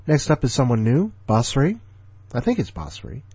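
A man's voice: medium pitch, big pitch swings, quick pace, mellow, breathy edge, dry recording, lo-fi sound. A man in his forties hosting a podcast, rambling casually in an offhand, grumbling, sardonic way. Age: 40s. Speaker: podcast host.

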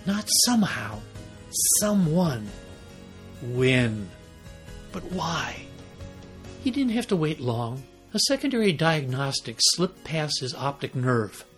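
A man's voice: a little high, big pitch swings, slow, long pauses, a bit bright, faint music behind. A man reading his own short stories aloud in a dramatic style with wry asides. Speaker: storyteller. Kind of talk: scripted story reading.

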